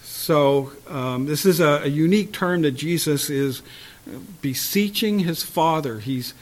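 Man preaching a Bible-teaching sermon. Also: a little high. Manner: measured teaching tone with fillers and throat clearing.

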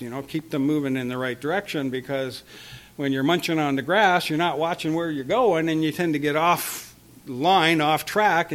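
A man preaching a sermon, reading scripture slowly and with emphasis, chuckling lightly between points. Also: a little high. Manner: expressive, stretches quoted scripture slowly with emphasis.

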